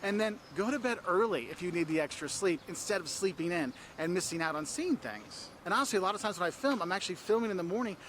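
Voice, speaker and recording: A man giving advice to tourists in a travel vlog, energetic and emphatic. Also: high-pitched, fast talker, hardly any pauses, a little hiss or hum. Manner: energetic, emphatic, acts out tourists in quoted voices. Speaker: travel video host.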